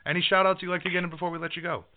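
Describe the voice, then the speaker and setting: A man's voice: high voice, level tone, rapid-fire, no room sound. A man hosting a fight-sport talk show, chatting casually and rambling a little as he corrects himself. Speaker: podcast host. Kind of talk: casual chat. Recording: tinny phone-like line.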